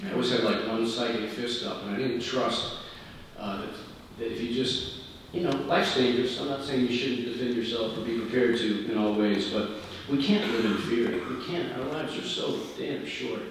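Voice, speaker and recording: A man's voice: medium pitch, moderate pace, a little hiss or hum. A man, an author taking audience questions after a reading, talking candidly and chatting with a frequent laugh. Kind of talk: casual talk after a reading. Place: festival hall. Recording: echoey hall from far off.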